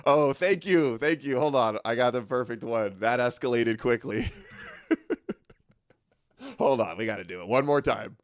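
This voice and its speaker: A man hosting a show, giving casual live reaction commentary in a sarcastic, mocking way with sudden shouted bursts. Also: mid-range voice, lively intonation, a little slow, pauses often, no echo, studio quality. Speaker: host.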